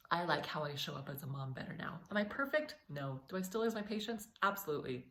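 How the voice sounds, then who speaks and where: A woman vlogger speaks directly to her viewers on camera, earnest, encouraging, heartfelt, and a little emotional. Her low voice is animated, fast, and fairly bright.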